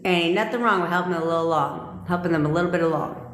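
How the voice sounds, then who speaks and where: A woman's voice: fairly low pitch, fast, slight background noise. A woman manifestation coach on a live stream, talking bluntly and intensely with lots of swearing, repeating her points and answering viewer comments. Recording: echoey room with long reverb.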